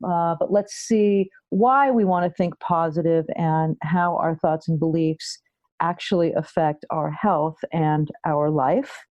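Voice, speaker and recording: A middle-aged woman hosting a podcast episode as a health coach, speaking in an unhurried, deliberate way. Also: low-pitched, fairly even intonation, a little mellow, no echo, muffled recording. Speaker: guest host, health psychology coach. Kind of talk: podcast monologue.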